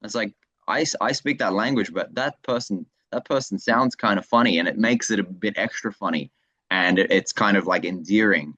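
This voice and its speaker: A young Australian man with a very deep voice tells stories in a relaxed, rambling way. He restarts his sentences often. The sound is dry and a little dull. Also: moderate pace, no room sound. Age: young adult. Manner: rambling storyteller with many restarts. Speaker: guest comedian. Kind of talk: casual interview chat.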